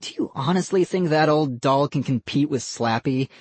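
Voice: mid-range voice, normal speed, husky, no room sound, lightly acted. A reader voicing a smug, defiant young boy in an audiobook. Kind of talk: audiobook character voice.

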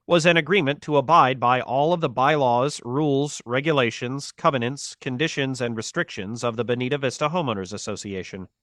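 A man reading a novel aloud in a steady, measured scripted narration. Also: medium pitch, dry recording, clean studio sound. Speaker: audiobook narrator.

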